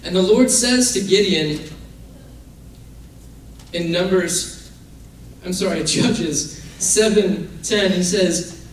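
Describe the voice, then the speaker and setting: A man's voice: high voice, takes it slowly, pauses often. A man preaching a casual, conversational sermon and acting out the people in his stories. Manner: casual, conversational, acts out quoted figures. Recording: very echoey room from far off, faint noise.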